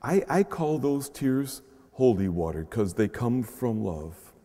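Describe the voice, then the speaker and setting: Man, pastor, slow, earnest sermon delivery in a reverberant church. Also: mid-range voice, big pitch swings. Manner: earnest preaching with slow pauses and swelling emphasis; gentle, playful talk to children. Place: large church shrine. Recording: long echo of a large church.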